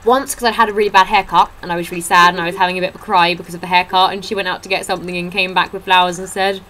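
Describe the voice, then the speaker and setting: A young woman vlogger chats into her laptop webcam while sitting at a table at home, telling funny stories and acting out what others said. Her voice is lowish, fairly bright, and flat in pitch, and she talks very fast with few pauses. The recording is rough.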